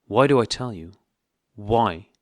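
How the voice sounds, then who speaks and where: A man reading an audiobook voices a stiff, cold middle-aged husband, angry, clipped and squeaky. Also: brisk, no room sound, clean studio sound, lightly acted. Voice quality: squeaky, higher than usual. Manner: angry, clipped, coldly emphatic.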